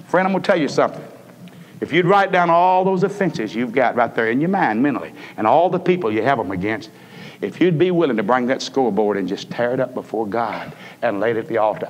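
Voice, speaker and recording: A man delivering a 1980s church sermon, shifting between raised, urgent preaching and quiet, hushed pleading. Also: mid-range voice. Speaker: pastor. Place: church sanctuary. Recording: old church recording with long reverb.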